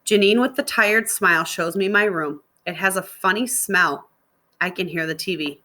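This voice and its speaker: A woman, a middle school teacher, reading a novel aloud to her students in a steady narrating voice. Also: fairly low pitch, moderate pace.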